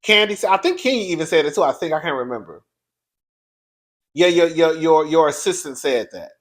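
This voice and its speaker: Blunt, animated man ranting to viewers. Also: on the high side, a little fast. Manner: animated, blunt and profane, talks straight to viewers. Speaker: online show host reviewing reality TV. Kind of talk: casual video commentary.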